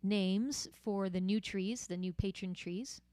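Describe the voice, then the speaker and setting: Smooth-voiced woman chatting to viewers. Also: mid-range voice, slow pace, warm tone, dry recording. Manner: chatty and friendly, with frequent fillers. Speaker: musician hosting a livestream. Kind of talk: casual livestream chat to viewers.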